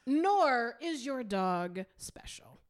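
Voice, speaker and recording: A woman's voice: on the high side, big pitch swings, drawn-out words. A woman co-hosting a podcast, chatting casually and ranting with plenty of profanity. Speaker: podcast co-host. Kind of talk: casual chat.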